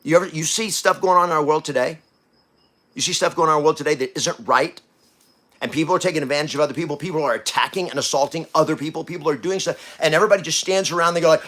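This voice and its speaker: A man in his fifties hosting a podcast, giving a preachy motivational talk that swings between loud bursts and hushed asides. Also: fairly high pitch, fast. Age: 50s. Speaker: podcast host.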